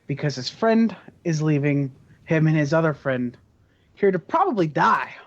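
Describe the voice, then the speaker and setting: A game master narrates and explains dice results in a relaxed manner, pausing often with fillers. The pitch sits in a middle range. The recording sounds dull and lo-fi. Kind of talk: running a tabletop game.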